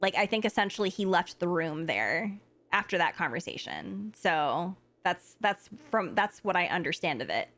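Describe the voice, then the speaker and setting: A woman's voice: on the low side, lively intonation, normal speed, a bit bright. Rambling woman streamer thinking aloud. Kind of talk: casual live-stream chat.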